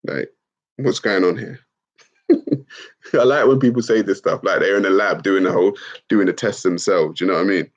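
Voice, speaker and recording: A man's voice: low-pitched, normal speed, pauses often. A young man chatting casually on a livestream, reading out viewer comments in a loose, slangy manner with some swearing. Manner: laid-back, slangy, swears, laughs at comments. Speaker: livestream host. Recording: dull lo-fi stream audio.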